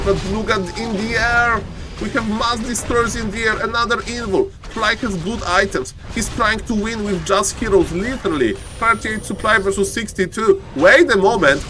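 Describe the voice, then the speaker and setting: A man casting a live strategy game, excitable and joking, often addressing ladies and gentlemen. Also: sits high, a little hiss or hum. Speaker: esports caster.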